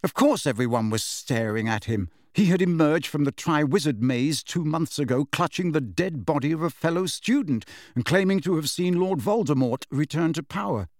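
A man reading a story aloud as an audiobook narrator, steady and measured. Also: fairly high pitch, no echo, clean studio sound.

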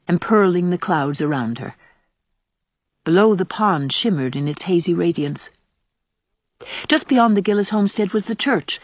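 Breathy, low-voiced woman reading a story. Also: no echo. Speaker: audiobook narrator. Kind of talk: scripted narration.

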